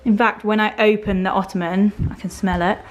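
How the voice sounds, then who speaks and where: A young woman in her twenties vlogging from her bedroom. Her voice sits at an everyday middle pitch, and she talks in a loose, rambling way, breaking into soft little laughs. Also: level tone, brisk. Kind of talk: casual chat to camera. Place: bedroom of a small flat.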